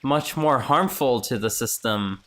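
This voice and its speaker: A woman co-hosting a gaming video in casual chat, relaxed, trailing off and laughing often. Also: a bass voice, measured pace. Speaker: co-host playing a video game.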